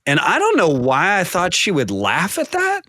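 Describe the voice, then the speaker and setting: A man on a podcast telling an animated story and acting out what people said. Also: high voice, normal speed, no echo, clean studio sound. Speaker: podcast guest. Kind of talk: casual podcast chat.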